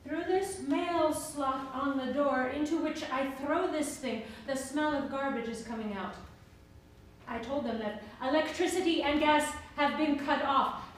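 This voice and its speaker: An actress plays a weary woman who states things flatly and with resignation. Her voice is fairly high. She is heard from a distance in a very reverberant theater with a faint hiss behind her. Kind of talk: stage play reading. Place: theater stage. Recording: echoey stage from far off, faint noise.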